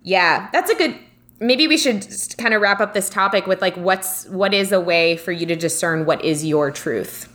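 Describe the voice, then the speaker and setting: A young woman with a bright, ringing voice chats casually as a podcast co-host. She talks in an animated way, jumping higher whenever she quotes her own past reactions. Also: normal speed. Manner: animated, jumps up in pitch when quoting herself. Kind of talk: casual chat.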